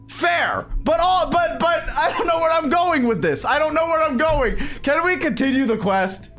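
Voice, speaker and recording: Rambling young man, lively swings in pitch. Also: normal speed, hardly any pauses, faint music behind. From Canada. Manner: rambling, swearing, animated storytelling. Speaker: streamer. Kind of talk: casual gaming stream chat.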